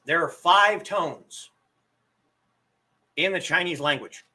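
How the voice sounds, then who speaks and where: A man giving a live-streamed lesson, explaining slowly and deliberately and drawing out his spoken examples. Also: fairly high pitch, bright, forceful tone. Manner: reads viewer comments aloud. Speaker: teacher and streamer.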